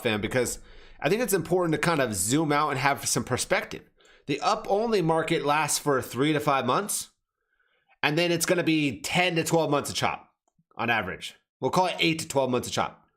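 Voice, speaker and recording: A man's voice: on the high side, lively intonation, moderate pace, fairly bright tone. A man giving blunt, casual commentary on crypto charts, swearing, calling viewers "fam" and often correcting himself mid-sentence. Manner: self-correcting, restarts phrases.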